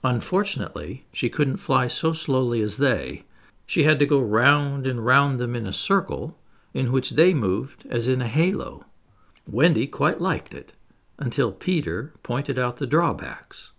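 A man narrating a classic children's storybook aloud in an expressive, animated reading. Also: mid-range voice, a little slow. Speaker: audiobook narrator.

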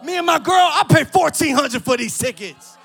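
Give me a man playing a boastful concertgoer, high and loud. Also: lively intonation, moderate pace, vocal fry, full character voice. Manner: bragging.

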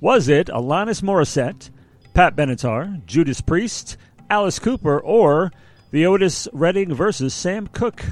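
A man's voice: a little high, expressive, measured pace. Rambling self-deprecating male co-host. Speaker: co-host of a music show. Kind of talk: casual radio chat.

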